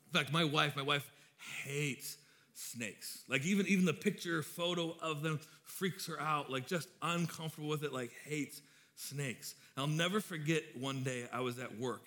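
A man's voice: fairly high pitch, pushed and bright. Joking, chatty pastor, a man. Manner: joking storyteller, chatty and informal. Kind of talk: sermon.

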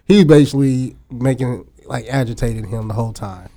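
A man's voice: mid-range voice, fairly quick, a crowd in the background. A male podcast co-host in casual chat, teasing and laughing as he eggs on the other host.

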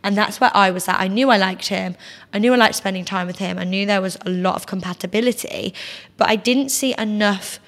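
A woman's voice: mid-range voice, fairly quick. A woman, casually telling a personal story as a podcast host, chatty and full of "like". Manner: chatty, heavy use of "like", animated quoting. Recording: long hall reverb.

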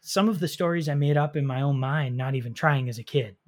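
Animated man chatting about movies. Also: medium pitch. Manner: animated storytelling, quick laughs. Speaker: podcast co-host. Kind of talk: casual movie review chat.

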